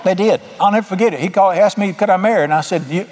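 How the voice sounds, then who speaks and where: A man's voice: high voice, rapid-fire, darkish tone, slight background noise. A middle-aged man preaching a sermon as pastor, folksy, with emphatic bursts. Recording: long hall reverb.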